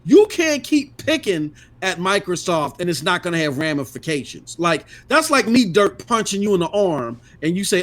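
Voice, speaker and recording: A blunt middle-aged man holds forth on a casual gaming podcast, his voice sitting a touch high. He talks emphatically and drops curse words without a second thought. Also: big pitch swings, normal speed, hardly any pauses, a bit bright. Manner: blunt, emphatic, swears freely. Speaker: podcast co-host.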